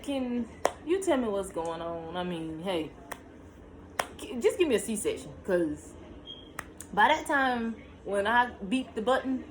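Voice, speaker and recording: A young woman telling her own story to camera in a casual vlog, talking straight to her viewers and jumping high in pitch when she relives tense moments. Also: a little hiss or hum, poor audio. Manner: talks to viewers directly, shushing her child between lines.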